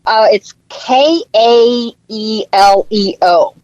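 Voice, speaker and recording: A woman's voice: on the high side, extremely slow, darkish tone, dry recording, muffled recording. A woman from Florida, an author, chatting casually and enthusiastically with many "um"s as a podcast guest. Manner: enthusiastic, hesitant fillers. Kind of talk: casual interview chat.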